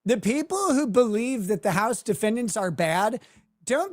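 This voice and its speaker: A man's voice: high voice, animated, a little slow, no echo, clean studio sound. A man hosting a livestream, giving crude, mocking commentary and laughing at his own jokes. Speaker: livestream host.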